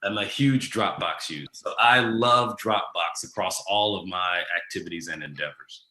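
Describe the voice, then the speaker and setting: A guest with a fairly low voice and a bright, forward tone answers questions in an easygoing, casual manner. He pauses on ums and restarts sentences as he thinks. The room carries noticeable echo.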